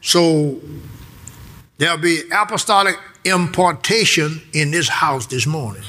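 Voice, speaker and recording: A man's voice: on the high side, unhurried, pushed and bright, slight background noise. A man preaching a sermon, emphatic and repetitive, reading verses and calling on the congregation to answer back.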